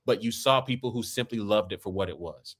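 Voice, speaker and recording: Here a Kansas City man with an American accent speaks a little fast in a fairly low, slightly bright voice with a breathy edge. Hosting a casual podcast chat, he rambles freely and punctuates his points with "right?" and "man."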